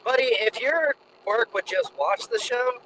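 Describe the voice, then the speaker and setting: A man with a high voice talks from inside a car, with faint road noise running behind him. He stammers and restarts, defending himself against his co-hosts. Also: animated, measured pace, bright, forceful tone, low-quality recording. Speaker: podcast co-host. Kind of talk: casual podcast banter.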